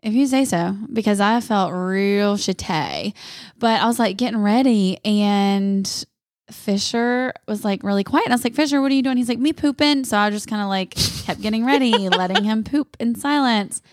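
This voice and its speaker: A young woman, co-hosting a casual podcast and telling an animated story about motherhood. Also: mid-range voice, moderate pace, no echo, studio quality. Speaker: podcast co-host. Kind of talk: casual chat.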